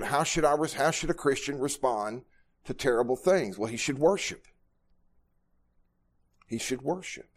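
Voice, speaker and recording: Sixties pastor preaching, earnest and animated. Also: male voice. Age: 60s. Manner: earnest, storytelling, swings from quiet and low to loud and raised. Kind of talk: sermon at a Bible study.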